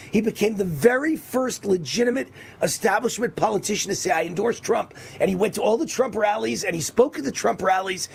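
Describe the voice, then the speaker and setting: Male talk show host, high raspy voice, emphatic and repetitive. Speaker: radio and TV host. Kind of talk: political talk show monologue.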